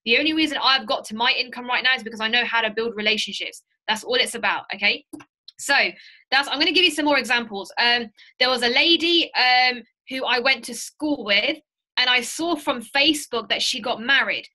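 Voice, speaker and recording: A woman with a high, bright, forceful voice runs a sales training for a group. She talks in an animated, direct way and teaches through stories. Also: fairly quick. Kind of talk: lively training talk to a group.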